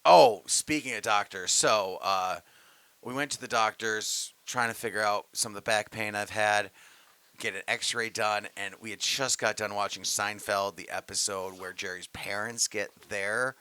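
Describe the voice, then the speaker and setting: A man's voice: fairly low pitch, fairly even intonation, measured pace, bright, forceful tone, clear, resonant tone, no room sound. A young man co-hosting a podcast, chatting casually and animatedly, stammering and acting out quotes as he tells stories. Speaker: podcast co-host. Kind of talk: casual comedic chat.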